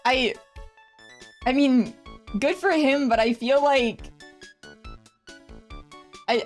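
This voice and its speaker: A woman streaming a story game from her home computer, chatting casually, laughing often and swearing freely. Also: fairly high pitch. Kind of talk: casual live-stream commentary.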